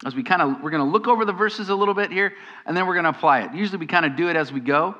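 A man's voice: high voice, rapid-fire, bright, forceful tone, highs cut off. A man preaching a sermon as pastor, in a conversational style that turns to emphatic questions. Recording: long hall reverb.

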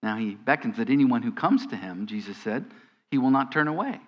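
A man's voice: medium pitch, lively intonation, fairly quick, highs cut off. A man preaching a sermon as pastor, in a conversational style that turns to emphatic questions. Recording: long hall reverb.

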